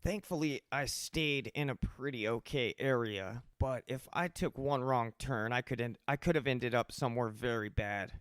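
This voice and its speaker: A young man from Colorado, host of his own podcast, telling his recovery story in a rambling, animated monologue and acting out the voices of people in it. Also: medium pitch, normal speed, few pauses, clear, resonant tone, dry recording, studio quality.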